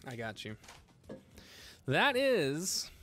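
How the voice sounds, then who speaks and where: Man, host, live-stream chat, joking, self-mocking laughs, bouncy pitch. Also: very slow, slight background noise. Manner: animated, joking, laughs often, flustered by his own slip. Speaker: livestream host building a PC.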